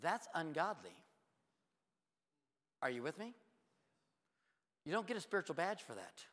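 Animated preacher in a reverberant hall. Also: male voice, measured pace. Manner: animated storytelling preacher, jumps to loud high exclamations. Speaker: pastor. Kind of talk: sermon.

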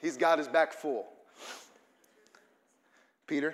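Man preaching, earnest, fervent, slightly high voice, long hall reverb. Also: slow, a little hiss or hum. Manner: earnest, building to fervent emphasis. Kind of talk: sermon. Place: church auditorium.

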